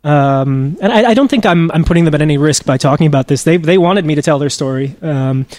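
A man's voice: a little high, fairly quick, darkish tone, no echo. A man being interviewed as a journalism trainer, telling a story earnestly with frequent restarts.

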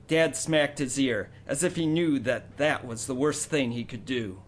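A man narrating a storybook in an expressive storytelling manner. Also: mid-range voice, unhurried, few pauses. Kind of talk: scripted audiobook narration.

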